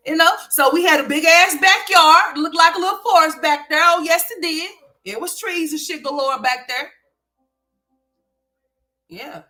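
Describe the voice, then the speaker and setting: A woman from Oklahoma hosting a livestream, telling a story in a loose, animated and profane way, dropping to low mutters and rising to loud exclamations. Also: a little slow, pauses often. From Oklahoma, USA. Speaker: livestream host.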